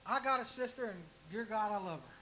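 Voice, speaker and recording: Bright-voiced folksy preacher man. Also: sits high, expressive, brisk, a little hiss or hum, poor audio. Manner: folksy, self-deprecating, talks straight to the congregation. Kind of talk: folksy sermon.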